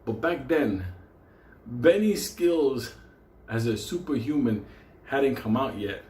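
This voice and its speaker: A man's voice: medium pitch, expressive, slow, darkish tone. A man telling a profane, comedic story in a crude, rambling way, jumping into voices for the people in it. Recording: roomy sound with faint ambient noise.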